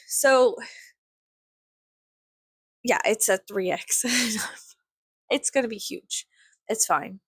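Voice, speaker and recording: A woman's voice: a little high, slow pace, pauses often, a bit bright, no room sound, studio quality. Chatty, foul-mouthed woman vlogger. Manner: chatty, profane, self-mocking, acts out her own thoughts. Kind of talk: casual rambling monologue.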